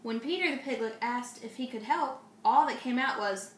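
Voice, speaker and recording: A woman reading a children's picture book aloud, expressive, with asides to young listeners. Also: a little high, moderate pace, few pauses, echoey room. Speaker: storybook reader.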